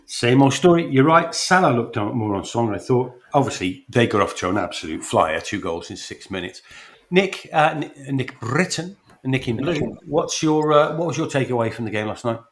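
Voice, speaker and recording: A man's voice: mid-range voice, lively intonation, normal speed, a little hiss or hum. Jokey man hosting a podcast. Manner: jokey, chatty, with frequent fillers and restarts. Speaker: podcast host. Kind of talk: casual sports podcast chat.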